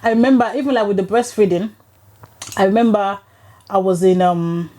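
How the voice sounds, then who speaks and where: Woman in her forties, storyteller, mellow warm tone, lively and laughing. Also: mid-range voice, moderate pace. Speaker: podcast guest. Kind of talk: casual chat, storytelling. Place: podcast studio.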